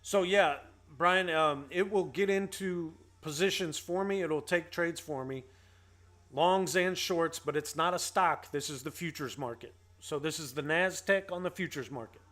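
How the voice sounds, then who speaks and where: A man with a fairly high, slightly bright voice hosts a casual trading livestream, talking a little slowly. Upbeat and playful, he greets viewers by name and throws in slangy banter and rhymes.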